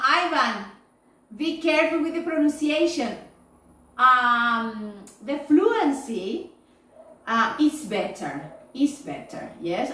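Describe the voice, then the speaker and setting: Slow, high-voiced teacher in an echoey room. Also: female voice, pushed and bright, far from the mic. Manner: slow, repeating "yes?" and "okay?" to check understanding. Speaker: English teacher. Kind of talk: online class feedback.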